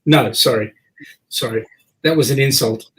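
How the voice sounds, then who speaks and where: A man's voice: mid-range voice, normal speed, fairly bright tone, low-quality recording. A man with an Australian accent hosting a casual online chat show, joking and teasing his guests as he reads the chat. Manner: jokey, chatty, teasing guests. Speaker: host.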